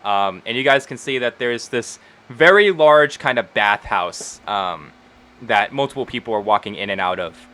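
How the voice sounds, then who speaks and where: A man's voice: fairly low pitch, lively intonation, normal speed, sharp tone. A man narrating as game master in a tabletop role-play, casual and loose with many fillers. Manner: casual, with many ums and likes.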